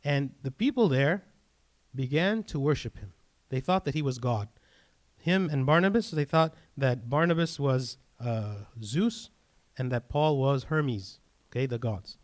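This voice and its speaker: A man's voice: medium pitch, lively intonation, a little slow. A man, a priest, giving an earnest sermon and checking in often with "right?" and "okay?".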